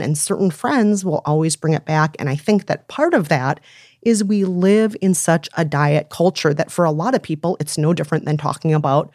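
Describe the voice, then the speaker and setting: A woman's voice: fairly low pitch, a little slow, no echo, studio quality. A woman co-hosting an advice podcast, chatting with empathy and emphatic repetition. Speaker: podcast co-host. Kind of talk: casual advice chat.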